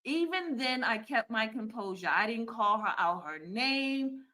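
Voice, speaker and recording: A grown woman streaming live and telling a story about a falling-out with a friend, her voice bright and fairly high. She talks in a casual, animated way, swears freely and slips into the voices of the people she quotes. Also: a little slow. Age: adult. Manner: animated, profane, acts out quoted dialogue.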